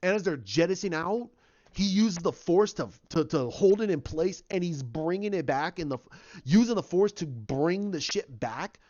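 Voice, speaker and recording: A man giving a casual spoken movie review, excited and rambling, restarting and repeating his words. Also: high-pitched, normal speed, highs cut off. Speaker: film reviewer.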